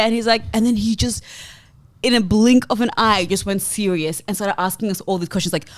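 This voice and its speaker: Australian woman telling a lively story. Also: medium pitch, brisk, no room sound. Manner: animated storytelling with acted-out quotes. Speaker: podcast co-host. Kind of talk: casual chat. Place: podcast studio.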